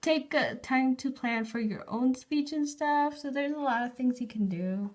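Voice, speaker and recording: A teenage girl giving casual, halting advice on debate note-taking, with informal slang and frequent restarts. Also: sits high, a little mellow. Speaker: student debater giving tips. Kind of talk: casual unscripted how-to talk.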